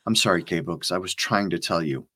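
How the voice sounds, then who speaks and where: A man's voice: low-pitched, sharp tone. A man reading a blunt, breathless female operative. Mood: explaining. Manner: brisk, matter-of-fact. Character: tough young female field operative, blunt.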